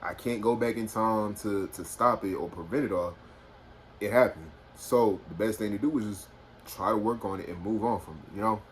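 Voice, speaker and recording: A man's voice: fairly low pitch, moderate pace, slight background noise. A young man, telling a personal story casually on a phone, rambling with lots of fillers. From Houston, Texas. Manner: rambling, filler-heavy, animated retelling. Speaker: vlogger.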